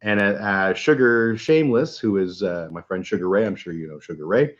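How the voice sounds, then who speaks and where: A man's voice: fairly low pitch, normal speed, highs cut off. A middle-aged Canadian man with a Canadian accent, hosting a casual chat and telling rambling, profane stories. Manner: profane, rambling storyteller with acted-out voices. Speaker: host.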